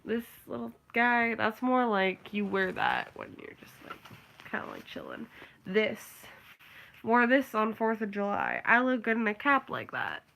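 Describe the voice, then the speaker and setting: A woman's voice: a little high, big pitch swings, unhurried, gravelly, bright, forceful tone, a little hiss or hum. A young woman vlogging in a loose, rambling chat, full of fillers and little rants. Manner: rambling, filler-heavy, ranting. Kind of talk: casual chat.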